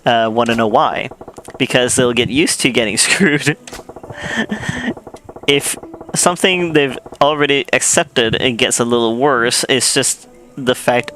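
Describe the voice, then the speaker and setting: Smug scheming gangster read by a man, bright forward voice, mid pitch. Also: unhurried, long pauses, slight background noise, close to an everyday voice. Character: scheming male gangster mentoring a bureaucrat. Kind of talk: reading game dialogue aloud.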